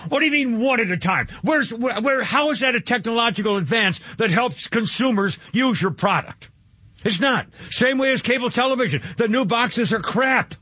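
A man's voice: very high voice, normal speed, pushed and bright, husky, no room sound, highs cut off. An eighty-year-old man telling an exasperated, rambling story in a casual radio monologue, grumbling and tossing in sound-effect words. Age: 80s.

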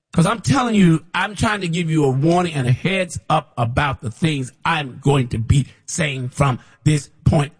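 A man with a slightly high, husky voice delivers an impassioned sermon, speaking as a prophet. He hammers his points with repetition and swings into loud mocking imitations of his listeners. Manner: preachy, repetitive, rises to shouts when mimicking others. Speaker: self-styled prophet preacher.

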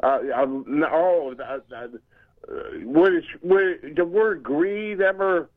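A man calling in to a radio show, ranting indignantly and halting over his words with many fillers. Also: fairly high pitch. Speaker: radio call-in caller. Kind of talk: phone-in rant. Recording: tinny phone line.

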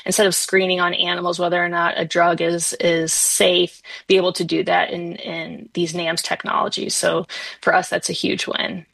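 A woman's voice: lowish voice, little pitch movement, moderate pace, creaky, a bit bright, no room sound. A woman guest in a radio interview, speaking with many fillers and restarts. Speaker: guest from an advocacy group.

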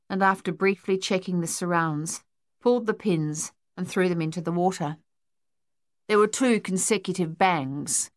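A woman narrating a novel in steady, even storytelling. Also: lowish voice, no room sound, studio quality. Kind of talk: audiobook narration.

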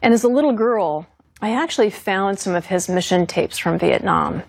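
A woman in her fifties, a former fighter pilot, recounting her experience in an earnest, steady and resolute interview manner. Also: mid-range voice, normal speed, creaky, slightly rough, no room sound.

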